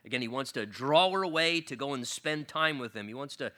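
A pastor giving an earnest expository Bible-teaching sermon, repeating himself as he explains and turning animated as he retells the scripture. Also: mid-range voice, a little fast.

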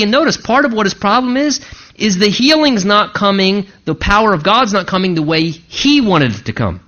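A man delivers a sermon with a high, bright voice that swings widely in pitch. He preaches with animation and sometimes mimics an outraged listener. The recording sounds dull and lo-fi. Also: very animated, normal speed. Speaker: pastor.

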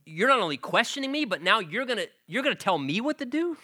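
A man's voice: sits high, sing-song, fast, pushed and bright, voice pushed up, full character voice. A man voicing God as an exasperated, incredulous figure, firing off rising, emphatic questions.

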